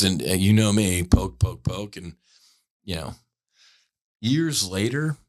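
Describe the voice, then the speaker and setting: A man's voice: low-pitched, expressive, measured pace. A male podcast host telling a candid, rambling spiritual monologue in an earnest way, often breaking off and restarting his sentences. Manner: rambling, earnest, self-interrupting.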